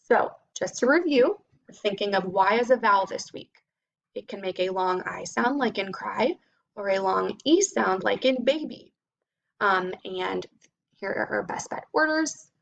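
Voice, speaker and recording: A woman teacher giving a phonics lesson to children, spelling out sounds slowly and clearly. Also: medium pitch, lively intonation, dull audio.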